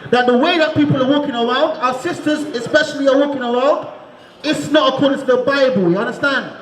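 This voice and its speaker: A man preaching to a crowd in the street, shouting and calling on listeners to answer, asking again and again if they understand. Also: extremely high pitch, fast. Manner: repeats "you understand?". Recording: echoey, crowd noise behind.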